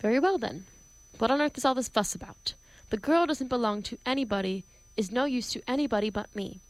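A woman's voice: on the high side, brisk, no room sound, lightly acted, low-quality recording. A woman reading the part of a domineering male professor in an amateur play reading, brusque and theatrical. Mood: imperious.

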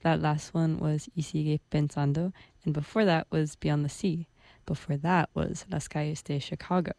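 A young woman hosting a radio music show, talking in a loose, chatty way with her co-hosts. Her voice is mellow and soft at the edges. The sound is close and dry, straight from a studio mic. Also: low voice, moderate pace, creaky, no room sound. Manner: relaxed, chatty, light laughter. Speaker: radio host. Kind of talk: casual radio chat.

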